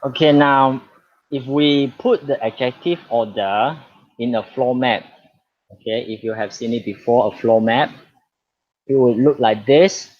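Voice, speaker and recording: A man's voice: mid-range voice, a little slow. A man with a Malaysian accent teaching an online English lesson, patiently repeating key words and saying "okay" often. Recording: dull lo-fi audio.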